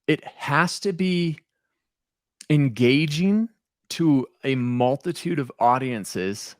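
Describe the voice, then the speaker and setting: A man's voice: fairly high pitch, expressive, takes it slowly, no room sound, clean studio sound. A man chatting casually on a podcast as a guest, talkative and rambling, restarting his sentences, a little stoned. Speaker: podcast guest and former co-host. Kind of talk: casual chat.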